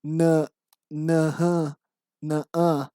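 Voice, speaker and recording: A woman voicing a stereotyped, boastful male street thug with a slow, taunting slang drawl. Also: sits low, flat delivery, dark tone, no echo, studio quality.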